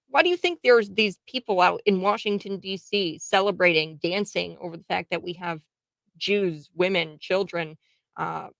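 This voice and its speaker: A woman's voice: fairly low pitch, gravelly, a bit bright, no room sound. A woman from the United States hosting political commentary, talking in an emphatic, indignant way with frequent fillers and restarts. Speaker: host.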